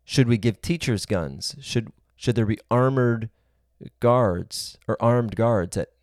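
A man's voice: medium pitch, slow, dry recording, clean studio sound. A man giving a sermon-style teaching, earnest and reasoning aloud, building his points in long spoken lists.

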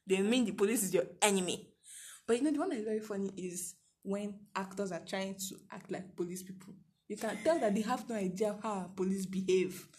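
A young Nigerian woman with a Nigerian accent, co-hosting a casual chat with animated, laughing exclamations. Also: medium pitch, fairly quick. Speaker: podcast co-host.

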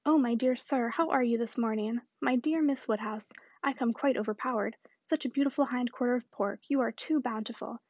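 A woman reads the part of a talkative middle-aged spinster, breathless and effusive, rambling on in run-on chatter. Her fairly high voice moves briskly, a little mellow with a breathy edge, in dull audio with no echo.

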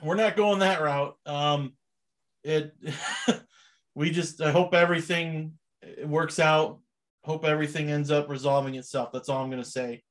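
A man's voice: fairly high pitch, steady tone, measured pace, fairly bright tone. A young adult man co-hosting a podcast in casual chat, rambling easily and laughing often. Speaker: podcast co-host.

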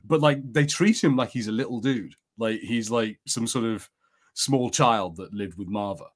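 A man's voice: medium pitch, moderate pace. A man co-hosting a podcast, chatting easily about a TV episode and telling stories, laughing often. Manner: easygoing, laughs often, storytelling. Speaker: podcast co-host. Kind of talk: casual chat reviewing a TV episode.

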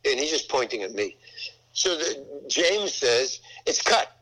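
Older comedian guest, rambling storyteller with a lively, bouncing voice. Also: male voice, medium pitch, unhurried, poor audio. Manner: rambling storyteller, acts out voices in quotes, many restarts. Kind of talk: casual anecdote telling.

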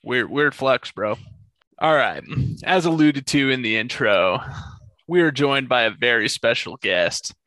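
A male podcast host chatting casually about sports. His voice is bright and forceful and swings widely in pitch, and the close mic makes it sound dry and up front. He tells stories with lots of animation. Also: a little slow, no room sound. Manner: animated storytelling, laughs often.

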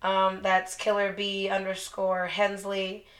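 A young woman co-hosts a podcast in casual, swear-filled chat. Her voice is bright and forceful. The room gives it a roomy echo. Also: mid-range voice, monotone, slow. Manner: profane, blunt storytelling with laughs. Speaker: podcast co-host.

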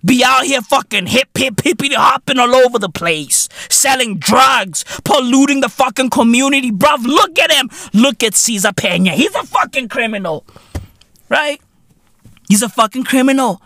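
A man tears into his subject in a comedic podcast rant, loud, profane and mocking. His pitch leaps and swoops all over the place. The sound is dry and close, with no room around it. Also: expressive, moderate pace, no echo. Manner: loud, profane, mocking, often breaks into shouts and laughs. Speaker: podcast host.

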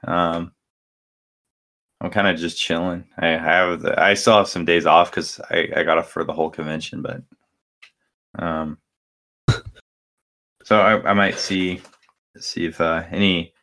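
Young guy with a really low voice, rambly podcast chat, lots of ums. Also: fairly bright tone. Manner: rambling with many fillers and restarts. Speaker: podcast co-host. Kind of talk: casual chat.

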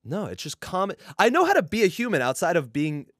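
A man co-hosting a casual podcast, telling animated stories and acting out what people said. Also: sits high, fast talker, no echo, studio quality. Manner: storytelling, animated, swearing, acting out quotes. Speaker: podcast co-host.

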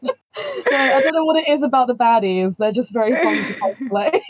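A woman's voice: high-pitched, sing-song, moderate pace, background noise. A woman, a cosplayer guest, chatting casually and laughing a lot. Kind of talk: casual chat on a live stream. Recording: dull lo-fi audio.

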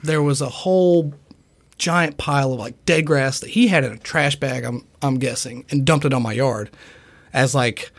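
A man's voice: mid-range voice, normal speed. A young man in casual podcast chat, telling a long, profane, rambling story and acting out other people's lines. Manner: acts out other people's voices in quotes.

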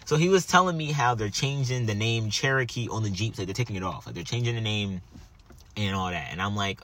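A young man in casual chat, telling a profane, animated story full of quoted dialogue. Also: fairly low pitch, fairly quick.

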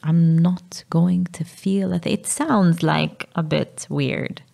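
A Maltese-accented woman, a mother talking candidly about her sick child, pausing and searching for her words. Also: lowish voice, fairly even intonation, creaky, warm tone. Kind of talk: candid emotional conversation.

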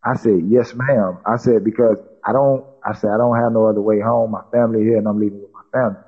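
A man's voice: fairly low pitch, fairly even intonation, fast talker, slightly rough, phone-quality sound. A man from South Carolina, a podcast guest recounting a personal story and quoting others with many "she said" tags. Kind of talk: storytelling in conversation.

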